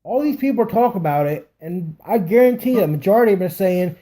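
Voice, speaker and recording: A man's voice: high voice, lively intonation, quick pace, mellow. A man co-hosting a sports podcast, worked up and emphatic as he agrees with his partner. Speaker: podcast co-host. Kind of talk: casual sports talk.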